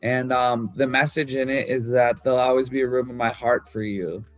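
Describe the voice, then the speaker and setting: A man speaks in a mid-range voice at a normal pace with a steady tone, with faint music behind him and no room sound. He's a musician chatting casually about writing his album, loose and candid, swearing freely and filling his speech with fillers.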